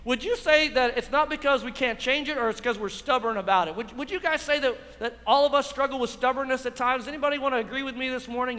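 A man's voice: very high-pitched, fast, hardly any pauses, pushed and bright, in a large hall. A man preaching a sermon, asking his congregation rhetorical questions. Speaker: pastor. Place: church.

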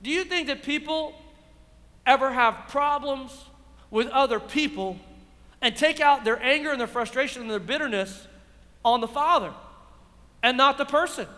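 A man's voice: extremely high pitch, normal speed, pauses often, bright, forceful tone, long reverb tail. A man preaching a sermon, asking his congregation rhetorical questions. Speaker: pastor. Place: church.

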